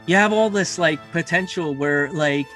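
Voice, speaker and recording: Bright, fairly high-voiced male podcast host, easygoing and filler-heavy, faint music behind. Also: normal speed. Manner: easygoing, emphatic, lots of filler words. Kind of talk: casual podcast discussion.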